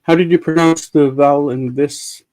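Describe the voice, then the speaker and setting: A man hosting a live-streamed Hebrew study group, patiently explaining grammar and sounding words out slowly. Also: fairly high pitch, fairly even intonation, darkish tone, rough recording. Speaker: host leading a live Hebrew reading group.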